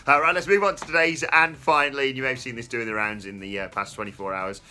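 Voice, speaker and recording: Bright, excitable male host. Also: medium pitch, fast talker, a little hiss or hum. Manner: animated, exclaiming, laughs often. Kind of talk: casual podcast chat.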